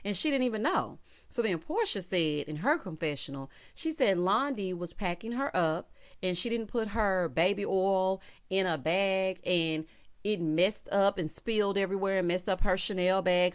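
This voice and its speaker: A woman giving a casual, sassy show recap, talking bluntly and directly to her viewers. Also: medium pitch. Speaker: vlogger reviewing a TV show.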